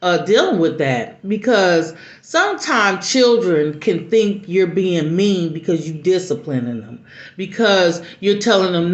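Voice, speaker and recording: A middle-aged mother telling a personal story in an earnest, halting way with many restarts. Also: on the low side, lively intonation. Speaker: mother sharing advice. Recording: roomy, dull lo-fi recording.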